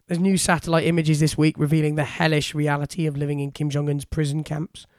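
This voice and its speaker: A man co-hosting a podcast in casual chat, chatty and jokey, quick to argue a point. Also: fairly high pitch, flat delivery, no echo, clean studio sound. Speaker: podcast co-host.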